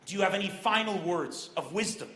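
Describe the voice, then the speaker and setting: A man's voice: high voice, expressive, a little fast, pushed and bright. A man playing a stiff, formal British TV news reporter woman, who speaks with a British accent. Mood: stern formal. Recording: echoey open-air stage.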